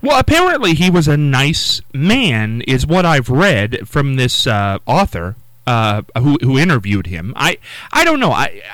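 A man's voice: mid-range voice, wildly swooping pitch, measured pace, a bit bright, no room sound, rough recording. A man hosting a talk show, prompting his guest with hesitant questions. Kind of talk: casual interview chat.

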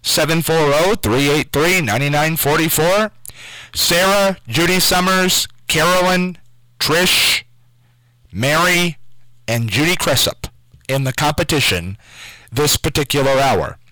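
A man's voice: on the high side, slow pace, sharp tone, no echo, low-quality recording. A man hosting a call-in radio quiz show from a station studio, taking callers and spelling out names letter by letter.

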